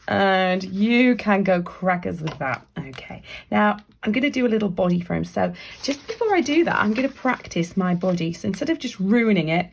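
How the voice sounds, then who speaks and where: A woman leads a children's drawing tutorial in a chatty, encouraging way, often dropping into soft whispered asides. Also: medium pitch, gravelly, a little hiss or hum. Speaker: library staff member leading a craft activity.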